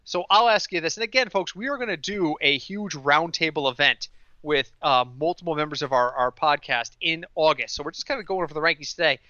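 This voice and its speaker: A man hosting a casual podcast, telling stories in an animated way and mimicking others in quoted voices. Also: a little high, fairly quick, dry recording, highs cut off. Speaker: podcast host.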